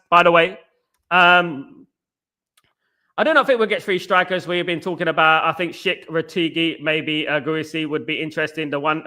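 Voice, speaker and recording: A man, hosting a casual livestream, chatting with viewers, breaking into chants and repeating himself. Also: on the high side. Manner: excitable, sings and chants, repeats phrases. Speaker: livestream host. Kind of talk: casual live chat reading comments.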